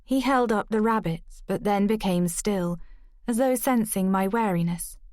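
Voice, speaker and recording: A woman narrating a first-person audiobook in a measured, even storytelling delivery. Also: mid-range voice, no room sound, studio quality.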